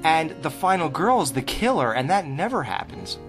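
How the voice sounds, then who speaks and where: Low-voiced woman co-host, chatty. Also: big pitch swings, normal speed, soft background music. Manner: chatty, laughs a lot. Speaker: podcast co-host. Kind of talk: casual interview chat.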